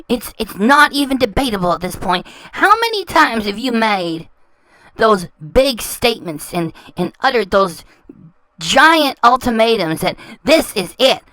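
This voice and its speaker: A woman's voice: a little high, sing-song, unhurried, sharp tone, no room sound, low-quality recording. A woman hosting a reaction channel, talking over clips in a scornful, insulting way and often stumbling and repeating words. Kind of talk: mocking commentary over clips.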